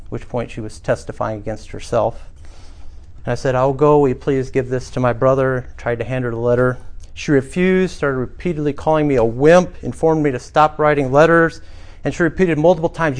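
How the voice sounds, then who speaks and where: A man's voice: medium pitch, fairly quick. Middle-aged man, pastor, sermon delivery, earnest and emphatic, mid-range voice. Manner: earnest storytelling with emphatic swells.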